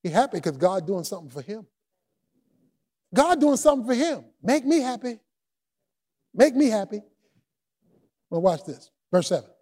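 High, animated preacher swinging loud to soft. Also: male voice, normal speed, long pauses. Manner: lively, humorous, with sudden shouts and drops to near a murmur; casual vernacular grammar. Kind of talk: sermon.

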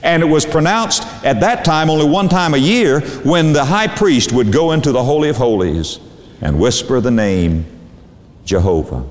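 A middle-aged pastor preaches a sermon in an emphatic, preacherly way, slowing dramatically on key words. His voice is a little high and animated, with long hall reverb on the recording.

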